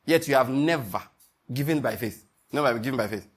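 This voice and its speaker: A pastor preaching an emphatic sermon, often asking the congregation if they follow. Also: male voice, medium pitch, expressive, a little fast, breathy edge.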